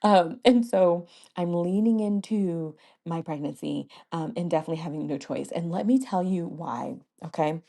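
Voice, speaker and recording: A woman's voice: on the low side, normal speed, creaky, hardly any pauses, warm tone. A young woman hosting a podcast, chatting casually with many fillers and frequent laughs. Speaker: podcast host. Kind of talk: casual chat.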